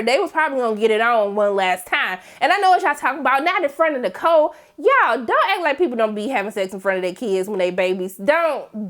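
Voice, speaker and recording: A woman host giving a chatty, sassy TV episode recap, talking straight to her viewers. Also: high-pitched. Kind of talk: casual TV recap commentary.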